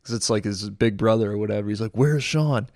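A man, a military veteran, recalling combat in a relaxed, chatty podcast conversation. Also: lowish voice, racing, gravelly, no room sound, clean studio sound. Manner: relaxed, chatty retelling with friendly asides. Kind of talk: casual storytelling conversation.

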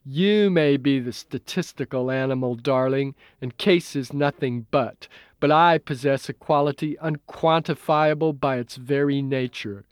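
A man's voice: medium pitch, a little slow, few pauses, clean tone, dry recording, studio quality, natural voice. A man voicing a smug, perverse young male illusionist who talks in a gloating, theatrical way.

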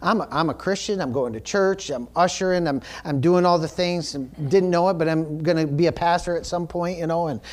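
A man's voice: fairly high pitch, a little fast, hardly any pauses, a little mellow. A male pastor preaching a sermon, telling a personal story in a candid, self-deprecating way. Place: church service.

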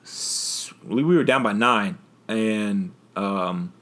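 A young man with a fairly low voice chats easily on a podcast. He talks at an unhurried pace and fills his sentences with "you know" and "um". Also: fairly bright tone. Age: young adult. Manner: laid-back, many fillers, laughs often. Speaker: podcast guest, basketball player. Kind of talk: casual chat.

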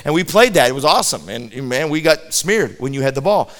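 A man telling a comic story to an audience in an animated way, often repeating a word as he starts a sentence. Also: medium pitch, brisk.

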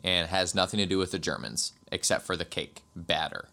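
A man's voice: sits low, steady tone, fairly quick, gravelly, sharp tone. A man co-hosting a podcast, chatting in a laid-back, joking manner. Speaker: podcast co-host. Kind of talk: casual chat.

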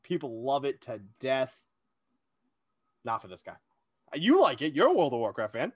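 A man's voice: medium pitch, big pitch swings, normal speed, slightly rough, no room sound. A man co-hosting a casual chat, telling a long self-deprecating story with lots of energy. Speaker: podcast co-host.

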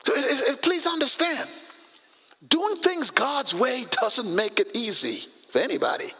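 A male pastor preaching a sermon in an animated, conversational way with vivid everyday scenarios, in a church sanctuary. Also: very high voice, a little slow, slightly rough, in a large hall.

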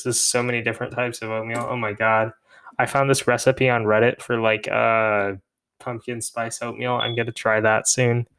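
Here a young podcast co-host wanders through a solo chat, running himself down and chuckling at himself. The voice is mid-range, gravelly and a touch bright.

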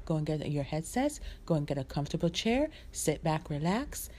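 A woman's voice: fairly low pitch, expressive, moderate pace, hardly any pauses, dark tone. A woman from the Caribbean islands hosting her own podcast, telling a story in a chatty, rambling way with many ums and asides to her listeners. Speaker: podcast host. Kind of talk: casual solo podcast storytelling.

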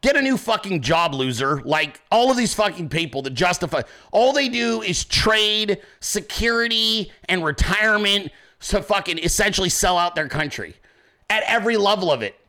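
A furious male commentator who hosts his own show and tears into his targets with profanity and sarcasm. His voice is high and cutting, and the delivery sounds forceful and tense. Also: expressive, moderate pace. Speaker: host of a political commentary show. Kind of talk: profane political rant.

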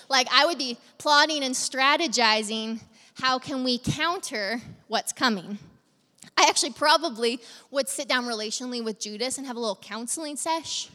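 A woman's voice: high voice, brisk, bright, forceful tone, long reverb tail. A woman pastor preaching a sermon in a conversational manner, talking straight to the congregation with questions.

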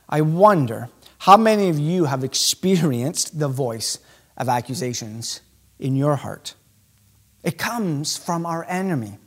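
Animated high-voiced male preacher. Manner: animated, emphatic preaching with sudden shifts in pace. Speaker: pastor. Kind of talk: sermon.

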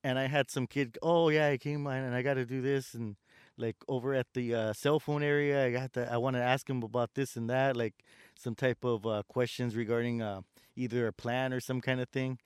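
Smooth-voiced man ranting about customers. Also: mid-range voice, steady tone, a little fast, no room sound, studio quality. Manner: ranting storyteller, swears, acts out customers. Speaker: store door greeter in customer service. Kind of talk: casual chat.

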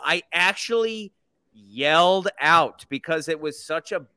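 A man with a high, bright voice co-hosts a casual film review podcast. He talks animatedly and breaks into loud outbursts as he retells scenes. The sound is dry and close, with no room around it. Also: measured pace, clear, resonant tone, dry recording. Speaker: podcast co-host. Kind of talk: casual movie review chat.

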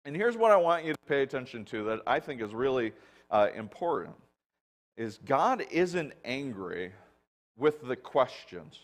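A man's voice: mid-range voice, very animated, unhurried. Guy pastor giving a laid-back sermon, talks like he's just chatting, does little voices for the bible folks. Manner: casual, acts out biblical dialogue with lots of "like". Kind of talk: conversational sermon.

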